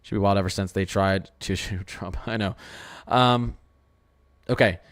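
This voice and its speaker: Excitable man with a smooth voice. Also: deep voice, unhurried. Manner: excitable, rambling, full of exclamations. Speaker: weather livestream host. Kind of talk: casual livestream commentary.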